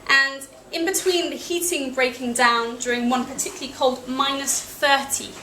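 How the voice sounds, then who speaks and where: A woman's voice: sits high, fairly even intonation, moderate pace, bright, forceful tone, soft background music. A young British woman from England telling a wry, self-deprecating personal travel story to a live audience. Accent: British English. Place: cafe event room. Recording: echoey cafe with noisy ambience.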